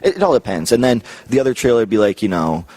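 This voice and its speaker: Animated storytelling man from Canada. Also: lowish voice, fast, no echo. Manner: animated, laughs a lot, acts out quoted voices. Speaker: guest. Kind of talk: casual storytelling.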